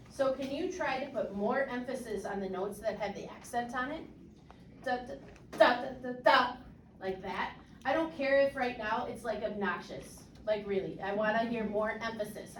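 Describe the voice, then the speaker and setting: A woman's voice: on the high side, far from the mic, a little hiss or hum. Woman coaching a band in an echoey room. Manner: casual, encouraging, lots of fillers and checks for understanding. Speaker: band clinician. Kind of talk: coaching a student ensemble. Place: rehearsal room.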